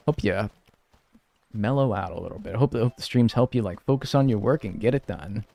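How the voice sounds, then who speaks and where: A man with a lowish, gravelly, warm voice talks fairly quickly and expressively in a dry recording. He's streaming a video game, loosely chatting with viewers, reading and answering chat in a laid-back, slangy way and saying "dude" and "like" a lot.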